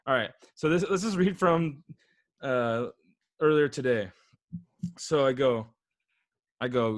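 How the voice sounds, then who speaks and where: A young man hosting a podcast, telling a story with laughter and reading text messages aloud in a flat, mocking voice. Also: mid-range voice, fairly quick, pauses often, no echo, studio quality. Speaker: podcast host. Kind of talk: casual chat.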